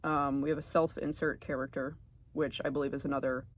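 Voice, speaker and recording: A man gives a casual commentary video essay, chatty and full of fillers, often trailing off quietly at the ends of phrases. His voice is medium in pitch with little movement, and he talks fairly quickly.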